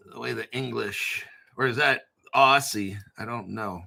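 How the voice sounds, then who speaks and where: A man's voice: medium pitch, measured pace, creaky, sharp tone. A man hosting a crypto channel, rambling casually with profanity, jokes and self-mockery. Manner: profane, joking, self-mocking and digressive.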